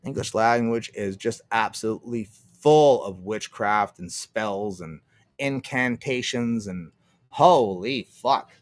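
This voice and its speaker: A man's voice: fairly low pitch, slow pace. A man ranting on a livestream, profane and sarcastic, laughing often and answering his chat. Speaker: streamer.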